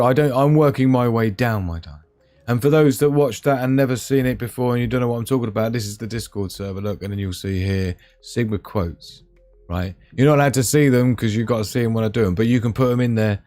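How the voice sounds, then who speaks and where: A man with a medium-pitched, dark voice talks fairly quickly while hosting a casual live stream, faint music playing behind him. He reads viewer comments, jokes around, teases people with pet names, and laughs a lot.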